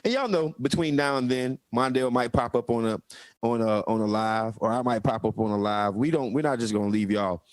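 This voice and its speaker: A young man hosting a live show, hyping the audience with excited, repetitive banter. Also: mid-range voice, fairly quick, dry recording. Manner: excited, repeats himself, hypes the audience. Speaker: host. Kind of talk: casual live-stream chat.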